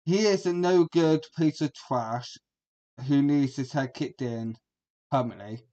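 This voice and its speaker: A man's voice: on the high side, a little slow, dark tone, lo-fi sound. A man, giving a rambling, crude and combative reaction commentary as a streamer.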